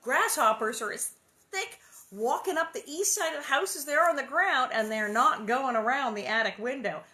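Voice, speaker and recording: A woman's voice: high voice, expressive, sharp tone, pitched above the performer's own voice. Woman voicing a grim pioneer father. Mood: grave. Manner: measured, earnest.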